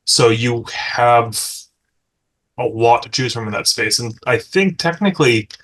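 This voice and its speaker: A man running a tabletop game as game master, in relaxed, joking table chat that now and then turns profane. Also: mid-range voice, measured pace.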